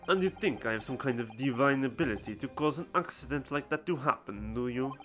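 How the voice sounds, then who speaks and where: A man's voice: medium pitch, animated, a bit bright, soft background music, close to an everyday voice. Lord van Zykes, a man reading a cold aristocratic prosecutor. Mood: composed. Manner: measured, formal, aloof. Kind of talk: reading game dialogue aloud.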